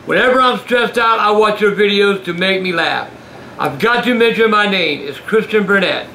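Gruff older man reading fan mail. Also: sits high, normal speed. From Southern US. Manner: gruff, shouts and curses in bursts. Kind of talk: casual chat, reading letters aloud. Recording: echoey room with faint noise.

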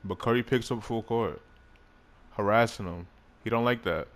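A man casually commenting on his own basketball video game, excitable, swearing and laughing at himself. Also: fairly low pitch, normal speed. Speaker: gaming YouTuber.

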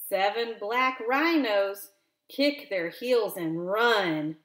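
A woman reading a counting picture book aloud with expression, stopping to ask a child gentle questions. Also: fairly high pitch, drawn-out words. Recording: roomy echo.

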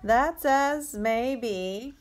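A shrewd, indifferent king speaks in a flat, toneless way, probing his captive slowly, as a woman reads him aloud. Storybook reading, the voice pitched a little higher than the narration. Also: slight background noise. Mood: cool. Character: shrewd, indifferent middle-aged male king.

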